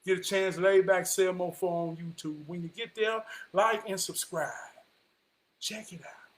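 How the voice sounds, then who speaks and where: A man giving a motivational talk in a preacher-like cadence, swinging from hushed words to shouting. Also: high voice, steady tone, normal speed. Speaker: motivational vlogger.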